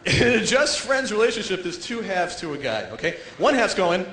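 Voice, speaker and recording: A man doing a stand-up comedy set, talking in an animated way and jumping into silly character voices. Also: sits high, moderate pace, hardly any pauses. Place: comedy stage before a live audience. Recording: echoey stage with faint noise.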